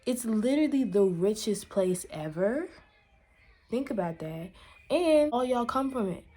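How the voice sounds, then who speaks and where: A woman's voice: a little high, animated, unhurried, warm tone. A woman vlogger in a casual rant to camera, exasperated and emphatic, lecturing her viewers.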